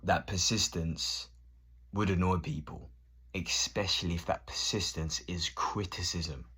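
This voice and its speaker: A man's voice: sits low, steady tone, unhurried, bright, forceful tone, slightly rough. A man in his thirties ranting casually to camera, swearing and acting out both sides of conversations. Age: 30s. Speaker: vlogger.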